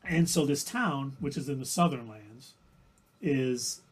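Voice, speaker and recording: A man's voice: mid-range voice, animated, unhurried, breathy edge. A man co-hosting a livestream, casually recapping TV episodes in a rambling, self-correcting way. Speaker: livestream co-host.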